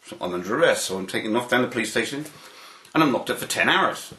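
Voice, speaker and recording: A man's voice: mid-range voice, lively intonation, fast talker, pushed and bright, roomy sound, poor audio. A man giving an interview, telling a long anecdote in a rambling way, with many restarts and fillers. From United Kingdom. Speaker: interview guest.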